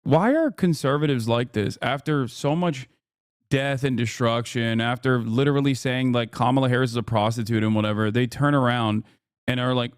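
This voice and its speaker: A man's voice: medium pitch, animated, normal speed, no room sound, clean studio sound. A man hosting a live stream, reacting with sarcastic and profane commentary. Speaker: streamer host.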